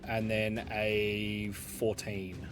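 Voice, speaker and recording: An Australian man running a tabletop game as dungeon master, laid-back and full of ums and quick "cool"s. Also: lowish voice, flat delivery, faint music behind.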